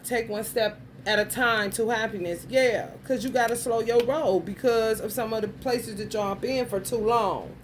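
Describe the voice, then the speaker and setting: A woman's voice: medium pitch, slight background noise. A woman vlogger delivering a blunt, crude rant full of swearing and street slang. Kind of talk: profane stream-of-consciousness rant.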